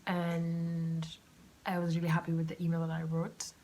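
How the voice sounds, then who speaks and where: A young woman hosting her own podcast, telling a story in a chatty, animated, self-mocking way. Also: on the low side, moderate pace. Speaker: podcast host. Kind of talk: casual solo storytelling. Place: room at home with the windows open.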